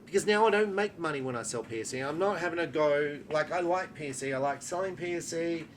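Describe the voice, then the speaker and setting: An older Australian man with a voice that sits a little high for a man. He holds forth to the camera in a blunt, exasperated monologue, firing off rhetorical questions and tagging his points with a quick "right?". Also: slight background noise. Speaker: archery shop owner.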